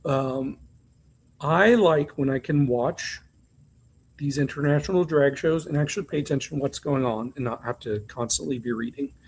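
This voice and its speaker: A podcast co-host recaps reality TV in a candid, chatty way, full of ums and side comments. His mid-range voice has a breathy edge and moves at a normal speed.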